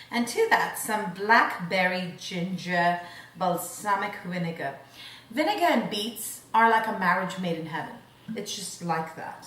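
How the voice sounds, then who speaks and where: A woman's voice: mid-range voice, lively intonation, a little slow, a bit bright. A woman hosting a cooking show who demonstrates a dish and savors the food aloud in an effusive way. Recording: roomy sound, mic at a distance.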